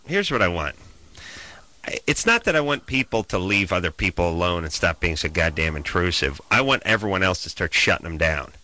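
Animated ranting man, bright dry voice. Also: deep voice, brisk. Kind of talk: casual comedic storytelling.

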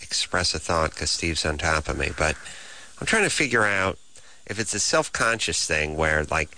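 A man's voice: rumbling low, animated, normal speed, bright, forceful tone, a little hiss or hum. A man hosting a call-in show, riffing and cracking jokes in casual chat. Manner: wisecracking, riffing. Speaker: radio show host.

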